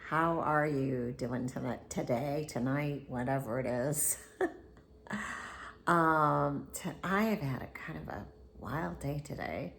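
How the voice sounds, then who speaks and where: Woman, deep voice full of vocal fry, soft bedtime reading, slips into whispers. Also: slow, slight background noise. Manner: soft-spoken, sometimes dropping to a whisper. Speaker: reader of a book aloud. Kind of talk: casual bedtime book reading.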